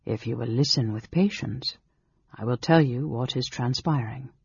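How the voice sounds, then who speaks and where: A cool, softly mocking dark elf sorcerer, as a male narrator puts him on, his husky, gravelly voice kept low and unhurried. The audiobook recording is dull and lo-fi, dry and close. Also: no echo. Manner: calm, dry, condescending.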